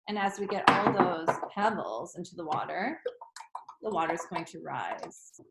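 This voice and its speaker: A woman teacher with a bright, clear voice reads a fable aloud to young children. She talks in a gentle, chatty way, pausing to explain. The voice rings in an echoey room. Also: mid-range voice. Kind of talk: storytime reading and chat.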